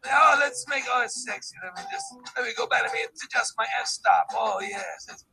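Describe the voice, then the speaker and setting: A man voicing a pretentious, self-absorbed artsy male photographer with breathy, drawn-out moans and bursts of shouting. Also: very high voice, expressive, over music, pitched above the performer's own voice, full character voice, low-quality recording. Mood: theatrical.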